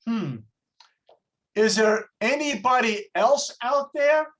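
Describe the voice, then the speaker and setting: A man voicing a frightened man hanging from a branch on a cliff, slowly begging God to save him. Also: very high voice, fairly bright tone, voice pushed up, full character voice. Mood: wary. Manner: drawn-out, pleading.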